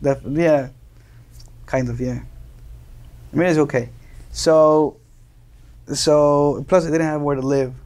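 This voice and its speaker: A young man from Colombia, a native Spanish speaker, telling casual stories as an interview guest, animated and laughing often. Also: on the high side, takes it slowly, long pauses. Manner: animated, laughing, acts out quoted voices. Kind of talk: casual storytelling.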